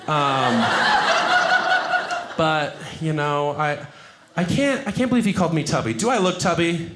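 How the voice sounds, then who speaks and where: A young man doing a stand-up comedy set, self-deprecating and animated, jumping into high put-on voices for quotes. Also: noisy background. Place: comedy club stage before a laughing audience. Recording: roomy club sound, audience laughter.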